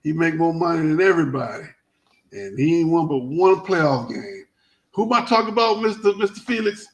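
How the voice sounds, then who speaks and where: A man hosting a casual sports talk show, telling stories in a rambling, animated way with many restarts. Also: fairly high pitch, fairly quick, poor audio.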